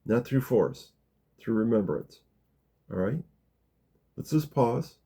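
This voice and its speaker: A man leading a gentle guided meditation talk, calm and unhurried, dropping very soft in the guided parts. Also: mid-range voice. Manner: slow, gentle, drops to a near whisper in the guided parts. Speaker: spiritual teacher guiding a practice.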